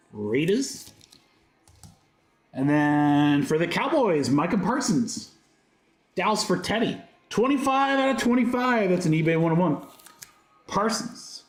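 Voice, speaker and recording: A man's voice: fairly high pitch, sing-song, measured pace, long pauses. A man hosting a livestream card break, calling out each card with upbeat, joking patter. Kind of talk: live card-break commentary. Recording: roomy echo.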